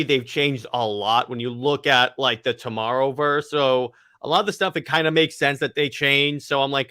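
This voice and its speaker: A man's voice: medium pitch, steady tone, moderate pace, hardly any pauses, bright, forceful tone, clean tone. A man co-hosting a podcast, chatting casually and enthusiastically about a film, with lots of "like" fillers. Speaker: podcast co-host. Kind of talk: casual discussion of a comic-book film.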